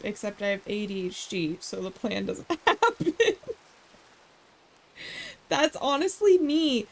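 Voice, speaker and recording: Chatty, higher-voiced woman streamer. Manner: rambling and chatty, with sarcastic asides. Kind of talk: casual gameplay chat.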